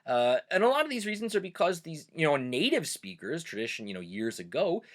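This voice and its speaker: A man's voice: on the high side, sing-song, a little fast, fairly bright tone. A middle-aged man from Pennsylvania with a Pennsylvania Dutch accent, a teacher hosting a casual, reflective video talk with plenty of fillers. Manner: conversational, reflective, many fillers. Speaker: host of a cultural video series; German teacher.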